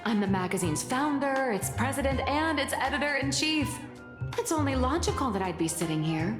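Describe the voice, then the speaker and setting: A woman's voice: high-pitched, lively intonation, moderate pace. A woman playing a smug, theatrical magazine founder in a video game cutscene. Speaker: editor-in-chief. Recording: roomy reverb with game music.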